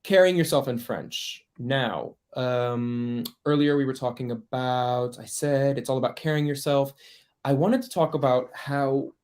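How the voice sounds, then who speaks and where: A man's voice: mid-range voice, steady tone, unhurried, darkish tone. A man chatting casually over a video call as he teaches French. He laughs often and slips into playful voices when he quotes people. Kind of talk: casual online workshop talk.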